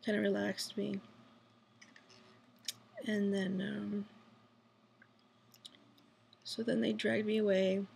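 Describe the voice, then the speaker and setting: Woman, hushed whisper, very gravelly, rambling video diary, hospital room at night. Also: mid-range voice, level tone, slow pace, long pauses, a little hiss or hum. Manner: whispering quietly, rambling with many fillers. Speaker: vlogger.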